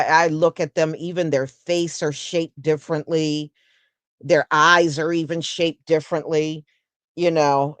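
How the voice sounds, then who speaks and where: A woman hosting a casual solo livestream, talking in an unhurried, conversational way and answering viewers with "mm-hmm" and "yeah". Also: low voice, dry recording. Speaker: host.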